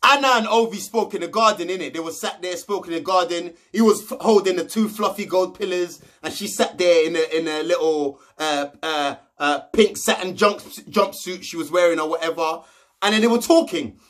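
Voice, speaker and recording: A man's voice: sits high, normal speed, a bit bright. A young man giving a brash, slangy, swearing recap of a reality TV episode. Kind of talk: casual episode recap commentary.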